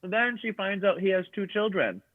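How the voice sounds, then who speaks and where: Profane storyteller on a tinny line. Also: male voice, sits high, expressive, moderate pace, dry recording. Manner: rambling, profane, quotes others in dialogue. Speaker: guest, stand-up comedian. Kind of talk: casual storytelling chat. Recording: dry tinny phone-like sound.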